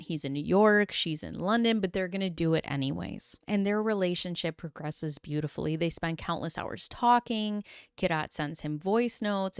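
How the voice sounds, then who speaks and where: A woman's voice: lowish voice, smooth, no echo, clean studio sound. A woman recapping a true-crime story in a casual, chatty way, with dramatic flair and playful asides. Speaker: YouTube commentator.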